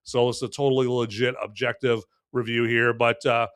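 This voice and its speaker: A man's voice: medium pitch, level tone, normal speed, a bit bright, clean tone, dry recording, clean studio sound. A man hosting a live podcast, reviewing a beer in a rambling, folksy way with many fillers and restarts. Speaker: podcast host.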